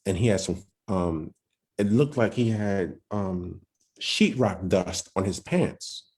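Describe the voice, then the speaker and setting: Man, very low voice, mellow tone, casual halting storytelling. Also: animated. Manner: loose, halting, with many restarts and street slang. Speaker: podcast guest.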